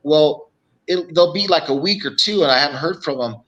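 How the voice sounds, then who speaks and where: A man's voice: fairly high pitch, fairly quick, a bit bright, dull audio. A middle-aged man, a real estate coach, telling stories on a live show and acting out phone calls as he goes. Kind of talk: live show guest storytelling.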